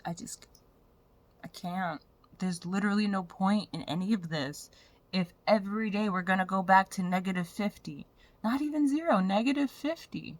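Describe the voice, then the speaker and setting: A woman's voice: mid-range voice, a bit bright, dry recording. A young woman vlogging in a frank, profane, rambling way about her personal life. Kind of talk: candid personal vlog rant.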